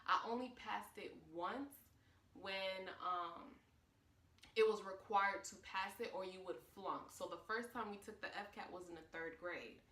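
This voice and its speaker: A young woman from Florida telling a story to camera in a casual, animated, slangy way. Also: mid-range voice, a little slow, far from the mic. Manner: animated, dramatic, slangy retelling. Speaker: vlogger. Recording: echoey room, voice a bit off-mic.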